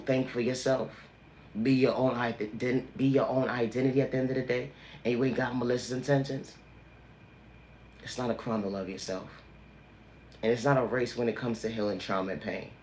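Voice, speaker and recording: A man speaks straight to his livestream viewers in a preachy motivational monologue. He leans on the same emphatic refrains again and again, like a sermon. His pitch sits in an ordinary middle range, and a faint hiss of background noise runs under the voice. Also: steady tone, brisk, darkish tone, roomy sound. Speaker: livestream host.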